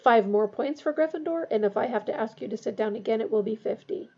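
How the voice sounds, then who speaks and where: Sneering cold teacher man, as a woman reads him, mocking, gravelly, lo-fi. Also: on the high side, quick pace, darkish tone. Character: cold, sneering male professor.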